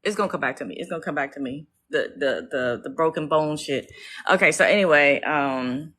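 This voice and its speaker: A woman's voice: sits low, brisk, a bit bright. A middle-aged woman ranting on a casual livestream about her own court case, blunt and profane, stressing her points and often restarting her sentences.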